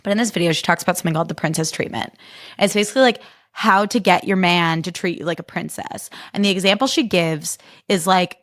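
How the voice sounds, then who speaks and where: A woman's voice: fairly low pitch, fast talker, dry recording, studio quality. A woman podcast host and comedian in a casual comic monologue, chatty and sarcastic, full of fillers.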